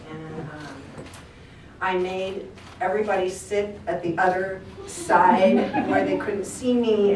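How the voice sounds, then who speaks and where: A voice actress on a convention panel, telling a story to an audience with frequent laughter. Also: female voice, on the low side. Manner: chatty storyteller, laughs often. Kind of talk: anecdote told to an audience. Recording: echoey hall, distant mic, background noise.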